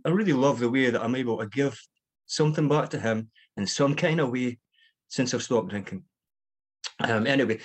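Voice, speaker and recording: Husky man sharing his story. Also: medium pitch. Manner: candid, rambling, with frequent fillers and restarts. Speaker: recovery meeting speaker. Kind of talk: personal recovery share.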